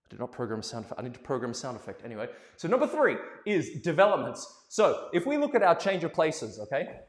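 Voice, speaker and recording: A man teaching a live ballroom dance lesson, playful and animated, joking in asides and counting the beats aloud. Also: a little high, quick pace. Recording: echoey room with long reverb.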